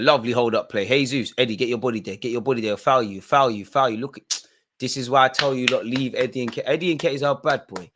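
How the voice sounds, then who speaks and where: Animated streamer ranting at the referee. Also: male voice, mid-range voice, fast talker. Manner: street slang. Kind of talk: live football watch-along commentary.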